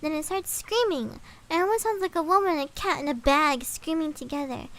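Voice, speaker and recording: Streamer girl reading a ghost story, softens the swears, chatty asides, super high voice. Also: a little fast. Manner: swaps swear words for milder ones, adds chatty asides. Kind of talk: casual reading of a scary story.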